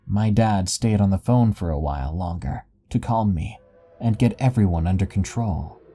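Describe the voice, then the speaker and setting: A man narrating scary stories in a measured, dramatic storytelling way. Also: low-pitched, dark tone, slightly rough. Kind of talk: scripted horror story narration.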